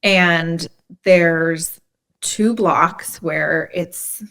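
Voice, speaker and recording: A woman's voice: fairly low pitch, extremely slow, a bit bright. A woman from Indiana hosting a podcast, telling stories in a casual, chatty way full of "like" fillers. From Indiana, USA. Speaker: podcast host. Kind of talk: casual storytelling chat.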